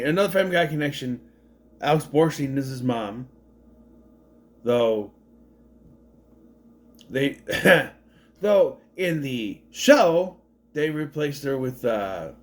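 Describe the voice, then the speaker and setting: A man casually recapping a film, wry and digressive, with frequent restarts and asides. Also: medium pitch. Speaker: movie recapper.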